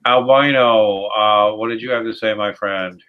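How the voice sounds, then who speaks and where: A man hosting a heated panel discussion, indignant and halting, often restarting his sentences. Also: fairly low pitch, fairly even intonation, clean tone. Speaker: host. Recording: dull lo-fi audio.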